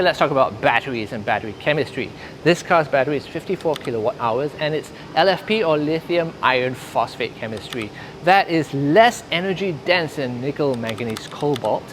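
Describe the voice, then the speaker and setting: A man's voice: fairly high pitch, a bit bright, a little hiss or hum. A man giving a chatty, jokey car review next to and inside a car.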